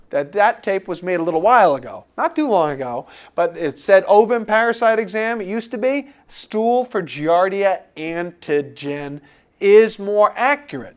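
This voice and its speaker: A man lecturing for a medical board exam review, animated and playing out imagined student replies. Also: sits high, moderate pace, smooth.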